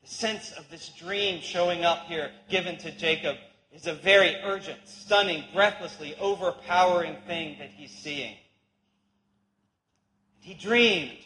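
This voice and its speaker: A man's voice: high-pitched, bright, forceful tone, slight background noise. A man preaching a sermon, reading scripture and explaining it in a conversational way with playful asides. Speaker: pastor. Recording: echoey hall with long reverb.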